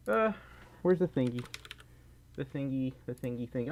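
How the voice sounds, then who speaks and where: A man's voice: mid-range voice, animated, measured pace, pauses often, lo-fi sound, slight background noise. A man hosting a casual livestream, rambling and self-deprecating while fiddling with his audio. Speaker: livestream host.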